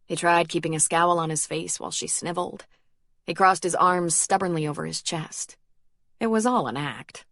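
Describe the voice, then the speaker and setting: Low-voiced woman narrating an audiobook. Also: normal speed, gravelly, a bit bright, no echo, clean studio sound. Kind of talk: scripted narration.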